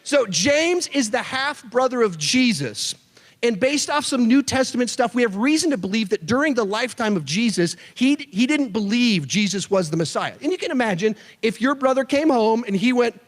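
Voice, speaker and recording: Lively high-voiced youth pastor in reverberant hall. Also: male voice, moderate pace. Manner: animated storyteller, jokey asides. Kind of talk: sermon to a student audience. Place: church hall.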